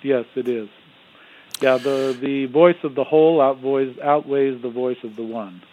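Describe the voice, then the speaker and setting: A man, an Orthodox theologian, explaining in measured tones with some fillers as a guest on a radio call-in show. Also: medium pitch, steady tone, dark tone, a little hiss or hum. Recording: phone-like narrow sound.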